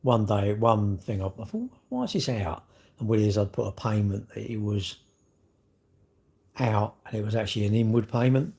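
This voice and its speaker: Middle-aged man, husky voice, fairly low, blunt joking livestream chat. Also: animated, moderate pace, a little mellow. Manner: chatty, blunt, joking, answers viewers directly. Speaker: livestream host. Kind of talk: casual livestream chat reading comments.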